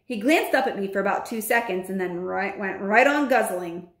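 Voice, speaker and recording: A woman reads a children's novel aloud in an expressive, storybook way. Her voice sits at a middle pitch but moves a lot. The room gives it a noticeable echo. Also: moderate pace. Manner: expressive, with lively intonation. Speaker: teacher reading a novel aloud. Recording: roomy echo.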